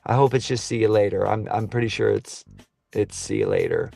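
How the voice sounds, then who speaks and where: Middle-aged trucker streamer, gravelly voice, casual and earnest, faint music behind. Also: male voice, lowish voice, huge pitch swings, brisk, dark tone. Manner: rambling, earnest, says man and brother a lot. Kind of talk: casual live stream chat reading comments. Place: truck cab.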